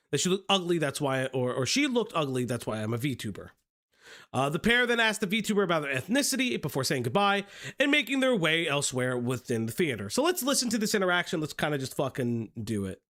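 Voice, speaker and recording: A man hosting a live-stream drama commentary in a casual, profane way, with restarts and a voice going hoarse. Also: on the high side, bright, forceful tone. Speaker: streamer host.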